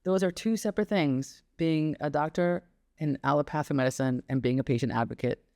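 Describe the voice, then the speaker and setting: A woman's voice: sits low, brisk, darkish tone. A middle-aged woman hosting a health podcast, reading a scripted intro and then chatting with a guest in an upbeat, enthusiastic way. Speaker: podcast host. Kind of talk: scripted intro then casual interview chat.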